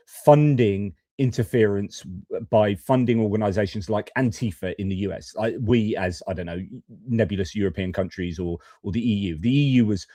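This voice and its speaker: A man's voice: on the low side, warm tone, no echo. A man hosting a geopolitics live stream from his home studio, talking in a chatty, opinionated way with frequent fillers.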